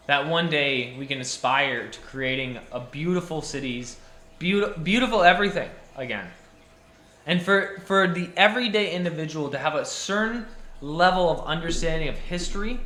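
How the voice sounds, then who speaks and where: A young man delivers a passionate rant straight to camera, circling back to repeat his points and restarting sentences as he goes. His voice is bright and forceful and sits a little high for a man. The room around him rings with a noticeable echo. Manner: passionate, ranting, repetitive restarts, emphatic repetition. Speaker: jeweller. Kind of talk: impassioned monologue to camera.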